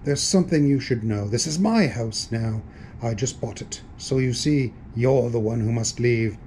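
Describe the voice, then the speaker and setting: A man's voice: mid-range voice, normal speed, a little mellow, slight background noise, close to an everyday voice. A man voicing a genteel, unflappable cartoon panther who stays cheerful and polite.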